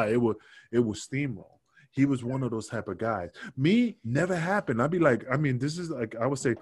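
A man telling stories as a guest on a podcast interview in a casual, animated way, acting out other people's lines in quoted voices. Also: medium pitch, a little fast, husky.

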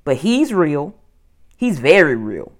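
A woman's voice: sits low, sing-song, slow pace, exaggerated voice. A woman reading a children's audiobook, voicing a bold, friendly young girl who loves animals, in an eager, coaxing tone. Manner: eager, coaxing, raised bright tone.

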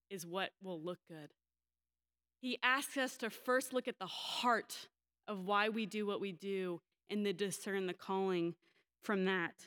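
Storytelling woman preaching a sermon. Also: medium pitch. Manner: candid, storytelling, animated when quoting others. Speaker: pastor.

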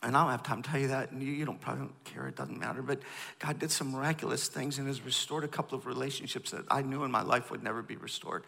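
A pastor in his fifties tells a candid personal story during a sermon, animatedly acting out both sides of the conversations. He speaks fast in a medium-pitched, gravelly voice, with a big-room sound.

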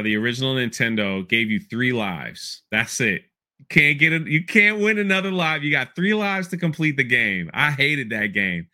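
A man hosting a podcast, chatting casually and telling animated stories, often breaking into laughter. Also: mid-range voice. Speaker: podcast host.

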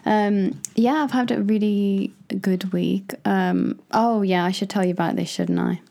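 A woman's voice: mid-range voice, a little slow, gravelly, mellow. A young woman co-hosting a podcast, telling stories in a casual chat and laughing often. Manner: chatty storyteller, laughs often. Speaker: podcast co-host.

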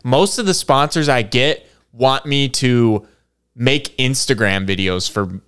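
A man's voice: medium pitch, takes it slowly, fairly bright tone, smooth. A young man with a Michigan accent, co-hosting a casual podcast. He talks bluntly, swears casually, and rambles with hesitant ums. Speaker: podcast co-host.

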